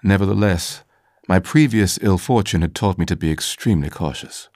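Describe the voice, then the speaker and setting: A man giving scripted first-person audiobook narration in a measured, formal storytelling manner. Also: deep voice, a little mellow, no room sound, studio quality.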